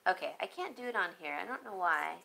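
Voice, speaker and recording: Her voice is fairly low, pushed and bright, with vocal fry and an animated delivery. On a live stream she shows jewelry, chatting unhurriedly and talking to herself while fiddling with her phone. Audio quality is poor.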